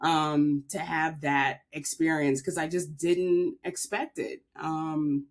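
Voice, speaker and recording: A woman's voice: deep voice, steady tone, slow pace. A woman from Maryland, a podcast guest, telling a personal story in an earnest, heartfelt way with frequent filler words. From Maryland, USA.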